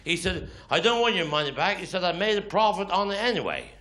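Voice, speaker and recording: Onstage in front of a laughing audience, a Cornish comic speaks quickly in a high, sharp voice with big swings in pitch. His routine is made of dialect stories peppered with grumbly quoted voices.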